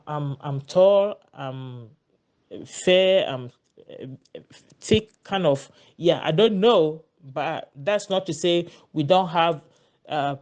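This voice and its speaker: A woman's voice: low-pitched, darkish tone. A woman telling a personal story in a casual monologue, earnest, often repeating words as she searches for them. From Ghana. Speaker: vlogger sharing a personal story.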